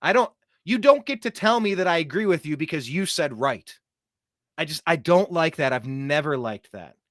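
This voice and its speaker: A man hosting a talk show rants about clips in a lively, sing-song voice that leaps up and down in pitch. He sits a little high for a man and mocks what he hears, slipping into silly voices. The sound is close and dry, with no room around him. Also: moderate pace, dry recording. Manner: animated, mocking, does voices while ranting. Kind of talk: opinionated commentary over clips.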